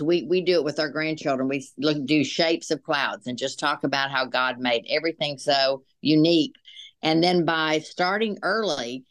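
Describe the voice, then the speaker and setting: An older woman with grandchildren, appearing as a podcast guest over a remote call and speaking in a warm, encouraging way. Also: low-pitched, moderate pace. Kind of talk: encouraging ministry talk.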